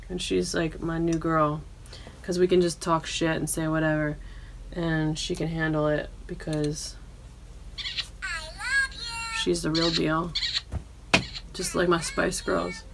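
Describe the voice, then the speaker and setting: A woman hosting her own podcast in casual chat, loud and profane, often bursting into yelling. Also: low voice, little pitch movement, unhurried, creaky, long pauses, noisy background. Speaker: podcast host.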